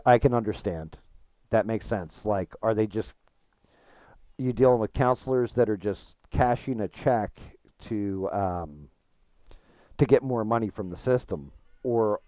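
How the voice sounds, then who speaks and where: A man's voice: on the low side, a little slow, warm tone, no room sound. A man chatting casually with his stream chat while gaming, frank and profane, rambling and restarting his thoughts.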